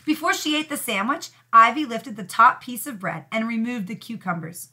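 Woman teacher, expressive storybook reader for young pupils, bright voice, lively swooping pitch. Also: normal speed.

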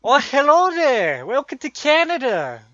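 A man's voice: extremely high pitch, huge pitch swings, measured pace, no echo, highs cut off, pitched above the performer's own voice, full character voice. A man voicing an overdone, cheery Canadian host, with the accent drifting as he goes. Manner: loud, exaggerated and wobbly accent.

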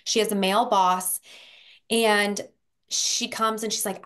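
A woman's voice: medium pitch, measured pace. Woman therapist on a podcast, chatty, acts out the examples, lots of "right?". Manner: animated storyteller, acts out quoted voices with frequent "right?". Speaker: therapist guest. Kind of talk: conversational explanation on a podcast.

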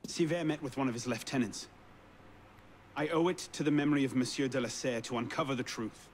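A man's voice: mid-range voice, fairly quick, slight background noise, lightly acted. A man voicing an earnest young assassin. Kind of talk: video game voice acting.

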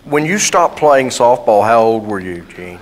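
A man's voice: mid-range voice, sing-song, a little slow, rough recording. Southern man interviewing, enthusiastic. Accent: Southern American. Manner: warm, enthusiastic questioner. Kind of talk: conversational interview.

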